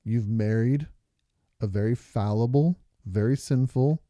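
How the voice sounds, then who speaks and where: Measured in pace and dark in tone, a man's mid-range voice fills a casual podcast he co-hosts with his wife. The studio-quality recording has no echo, and he earnestly works through long stories and examples.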